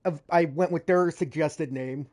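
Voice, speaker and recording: A woman's voice: sits low, unhurried, a little mellow. A woman streamer chatting casually over gameplay, rambling with frequent fillers and self-corrections. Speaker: gaming streamer.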